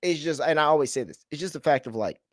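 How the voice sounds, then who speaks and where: A man's voice: a little high, animated, quick pace, no room sound, studio quality. A man hosting a casual podcast chat, rambling and trailing off as he searches for names. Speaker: podcast host.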